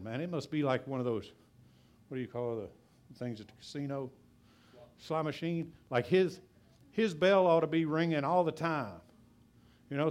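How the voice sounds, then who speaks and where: Male pastor, fast and loud passionate preaching, drops into quiet low asides. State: out of breath. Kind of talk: sermon.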